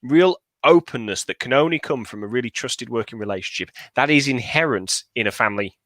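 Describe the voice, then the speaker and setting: A young man talks thoughtfully with a touch of dry humor. His voice is bright and crisp. The sound is dry and close. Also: medium pitch, animated, fairly quick, dry recording. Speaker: operations director. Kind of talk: casual chat. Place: indoor, video call.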